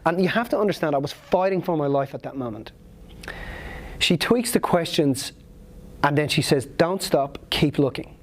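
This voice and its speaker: A man's voice: fairly high pitch, expressive, moderate pace, long pauses. A man speaking at a seminar, telling a personal story in an earnest, emotional, vivid way.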